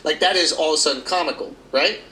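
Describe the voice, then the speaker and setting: Animated man. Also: quick pace, a little hiss or hum. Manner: animated, emphatic, rising pitch when arguing. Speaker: podcast co-host. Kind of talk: casual chat. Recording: echoey room with faint ambience.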